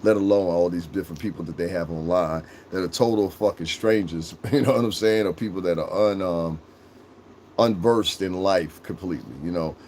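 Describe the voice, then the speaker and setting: Young male streamer, Connecticut shoreline accent, lowish voice, casual profane rambling, faint ambient hum. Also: moderate pace, a little mellow. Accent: Connecticut shoreline, New England and New York mix. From Connecticut, USA. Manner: rambling, profane, laughs often, reads and answers chat. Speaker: livestream host. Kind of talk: casual livestream chat.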